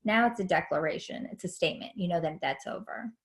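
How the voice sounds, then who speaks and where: A woman's voice: lowish voice, fast talker, background noise. A woman teaching an online lecture in a chatty, hesitant way with many fillers.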